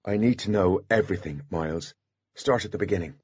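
A man voicing a cool, formal teenage boy mastermind who speaks calmly and in measured phrases. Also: deep voice, slightly rough, no room sound, dull audio.

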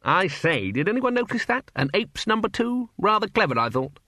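A huffy, self-satisfied old wizard dean, as a man voices him for an audiobook. His voice sits high and bobs up and down with a grumbling pomp, all of it recorded dry and close. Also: big pitch swings, normal speed, sharp tone, dry recording, full character voice. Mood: peevish. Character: peevish, pompous elderly male wizard dean.

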